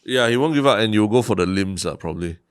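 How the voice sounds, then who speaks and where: A man from Singapore with a Singaporean accent, co-hosting a podcast, relaxed, agreeable and quick to laugh. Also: on the low side, clean tone, dry recording, studio quality. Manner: easygoing, agreeable backchannels, laughs often. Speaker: podcast co-host. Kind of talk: casual chat.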